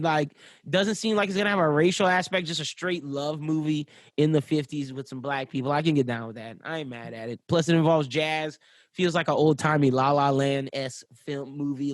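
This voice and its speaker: A man's voice: fairly high pitch, no room sound. A man co-hosting a podcast in casual chat, laid-back and slangy, rambling with restarts. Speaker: podcast co-host.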